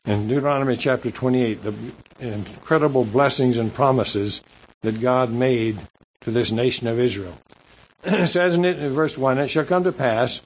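A man preaching at an even, middle pitch. He reads scripture slowly and comments between the verses. His delivery is halting, with frequent restarts and repeated words. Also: slightly rough, low-quality recording. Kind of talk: sermon.

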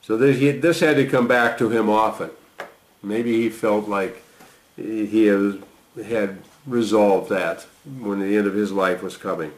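A man preaching a sermon, reading scripture aloud with a lifted voice and dropping into quiet, conversational asides. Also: fairly even intonation, unhurried. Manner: lifts voice to read quoted lines, drops low for reflection. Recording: roomy echo.

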